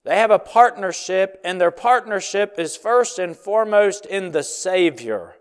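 A man preaching an expository sermon in an earnest, emphatic way, slowing down on key phrases. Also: high-pitched, clear, resonant tone. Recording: long hall reverb.

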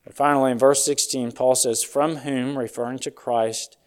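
An earnest man preaching a sermon, his pitch sitting in an ordinary middle range. He reads scripture aloud in measured, old-style phrasing and ends in a quiet, soft-spoken prayer. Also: fairly even intonation, smooth.

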